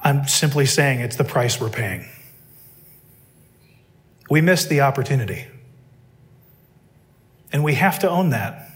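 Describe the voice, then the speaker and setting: A man's voice: medium pitch, lively intonation, a little slow, long pauses. A man preaching a sermon, emphatic and full of rhetorical questions.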